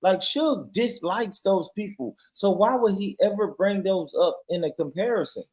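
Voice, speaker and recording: Brief: guy, high voice, stubborn, stumbles over words. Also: normal speed, a little mellow. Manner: insistent, repeats himself, stammers into points. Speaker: stream guest. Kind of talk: casual live stream debate.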